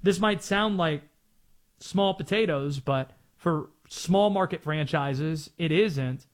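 A man's voice: on the high side, slow. A man from North Carolina hosting a sports talk radio show, chatting and explaining. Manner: conversational, explanatory.

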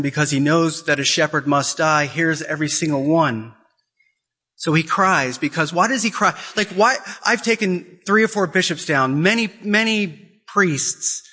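Guy preaching hard, kinda high voice, bright and forceful, keeps asking why. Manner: emphatic, repeats questions, rising intensity. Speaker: Catholic speaker. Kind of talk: impassioned preaching.

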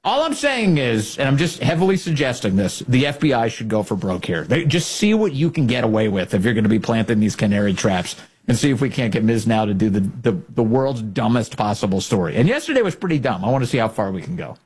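Husky sarcastic male commentary host. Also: medium pitch, very animated, fast talker, hardly any pauses, darkish tone. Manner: mocking, incredulous, rhetorical questions.

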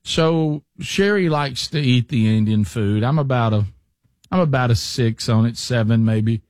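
A man's voice: mid-range voice, a little slow, a little mellow, no echo. A male radio show host telling a rambling story in casual studio banter.

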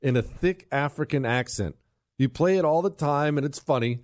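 A man's voice: fairly high pitch, moderate pace, no echo, studio quality. A man hosting a talk radio show, combative and emphatic, delivering an opinionated monologue and a live ad read. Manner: combative, emphatic, rising to loud peaks. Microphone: studio microphone.

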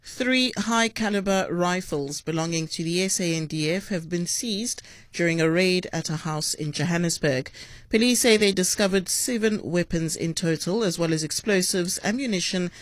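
A woman reading a radio news bulletin in a crisp, measured way. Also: fairly low pitch, no room sound. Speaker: newsreader.

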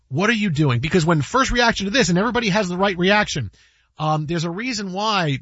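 A man's voice: fairly high pitch, fairly bright tone, slightly rough, no echo. A man hosting a sports talk show, giving emphatic opinions, stammering on repeated words and firing rhetorical questions. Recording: dull lo-fi recording.

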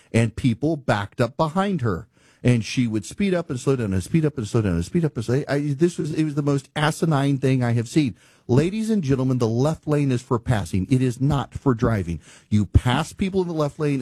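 A man hosting a talk show, telling a driving story in an exasperated, animated rant. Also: medium pitch, slightly rough, dry recording, clean studio sound. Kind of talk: ranting monologue.

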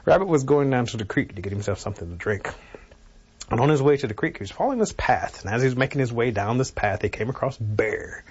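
A man telling a traditional folk tale in an unhurried, animated way, acting out sounds. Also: medium pitch, breathy edge, highs cut off. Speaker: storyteller. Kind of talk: traditional oral storytelling.

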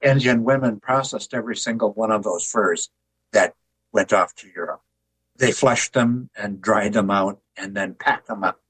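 An older man, an author and artist, telling stories in a relaxed, folksy interview. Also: lowish voice, moderate pace, breathy edge, no room sound, low-quality recording. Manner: folksy, tells jokes with put-on voices.

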